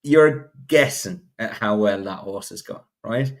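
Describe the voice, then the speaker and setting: A man's voice: fairly low pitch, expressive, unhurried. A man giving blunt, opinionated horse racing takes on a casual podcast, often restarting sentences. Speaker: podcast panelist.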